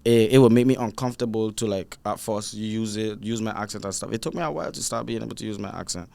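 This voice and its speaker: A man's voice: fairly low pitch, fast talker, vocal fry. A young man with a Virgin Islands accent, telling stories in a casual, slangy interview chat. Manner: animated storytelling, slangy, acts out quotes. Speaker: guest artist.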